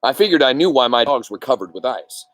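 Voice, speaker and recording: A man reading a novel aloud with expressive delivery, pausing for asides to his listeners. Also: medium pitch, no echo. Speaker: reader.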